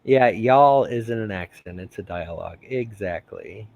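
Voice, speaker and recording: A man's voice: fairly low pitch, unhurried, creaky, no room sound, dull audio. A man hosting a casual live stream, rambling with many fillers and frequent laughs. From United States. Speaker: host.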